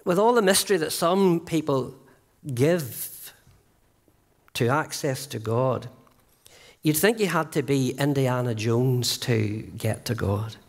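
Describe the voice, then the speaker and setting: A man preaching an evangelistic sermon in a church, earnest and emphatic, slowing down to stress key phrases. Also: medium pitch, lively intonation. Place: church sanctuary.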